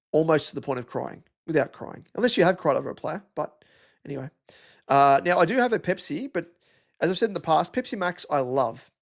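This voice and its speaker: An Australian young man hosting a casual live stream, rambling and chatty with lots of fillers as he reads out comments. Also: fairly high pitch. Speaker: livestream host.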